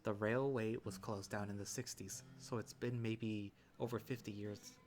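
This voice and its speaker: A man narrating a visual novel in first person, calm and relaxed, with small restarts. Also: fairly low pitch, moderate pace, soft background music.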